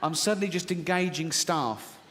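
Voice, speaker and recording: A middle-aged man performs stand-up on a big theatre stage, speaking at a moderate pace in a fairly high voice. Recorded through a stage mic with slight hiss or hum, reverberant hall sound and a faint audience, he tells an animated story and voices both halves of an inner argument.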